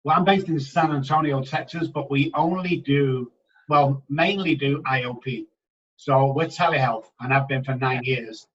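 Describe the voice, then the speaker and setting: A man's voice: medium pitch, moderate pace, distant mic, lo-fi sound. A man from England, a recovery doctor talking bluntly and swearing a lot in a casual interview.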